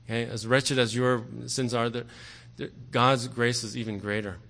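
A man preaching a sermon earnestly, often pausing on "okay" and growing forceful on key words. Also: medium pitch, little pitch movement. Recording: long hall reverb.

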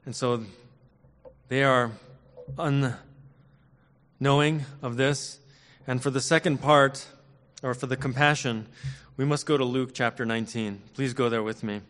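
A man preaching a sermon in an earnest, measured way, leaning on emphatic repetition. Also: mid-range voice, steady tone, a bit bright, smooth. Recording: long hall reverb.

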